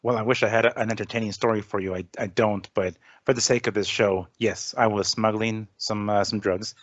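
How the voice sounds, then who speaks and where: A man on a podcast telling a story in a dry, deadpan casual way. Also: lowish voice, brisk, no room sound. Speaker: podcast guest. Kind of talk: casual chat. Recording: dull lo-fi recording.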